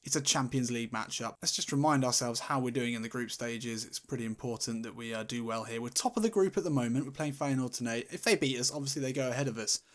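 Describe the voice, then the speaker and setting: A man commentating on his own football video game, casual and sweary, calling the play and getting loud on goals. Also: mid-range voice, quick pace, few pauses. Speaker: gaming commentator.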